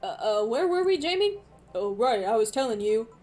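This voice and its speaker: A woman voicing a dry, deadpan young woman bartender as she reads a visual novel aloud, dropping low and flat. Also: normal speed.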